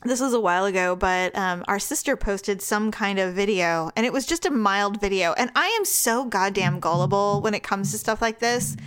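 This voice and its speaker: A woman in casual chat, telling funny stories with animated delivery and frequent laughter. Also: medium pitch, normal speed, hardly any pauses, clean tone. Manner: animated, laughs often, acts out quotes.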